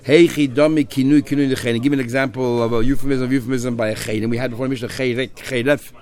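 Man, Talmud teacher, mid-pitched voice, talks through text with restarts and Hebrew terms. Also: steady tone, fast talker, a little mellow. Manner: explains in a Yeshivish mix of Hebrew and Aramaic terms with English, with many restarts. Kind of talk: Talmud class lecture.

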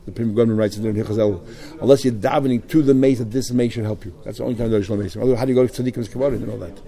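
Fast-talking man teaching a Talmud class. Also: medium pitch, fairly even intonation, warm tone. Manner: reads a phrase aloud, then explains it in English. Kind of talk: Talmud class, reading Aramaic and translating.

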